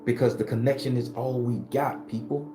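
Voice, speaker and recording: A man's voice: medium pitch, little pitch movement, normal speed. A man, giving a blunt, profane personal testimony to his viewers. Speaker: spiritual video host. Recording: roomy echo with music behind.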